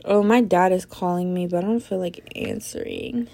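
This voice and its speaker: Sleepy young woman with vocal fry. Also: fairly low pitch, steady tone, moderate pace, mellow. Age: young adult. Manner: rambling, swearing, fillers. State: sleepy, yawning. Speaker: podcast host. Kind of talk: casual solo podcast chat.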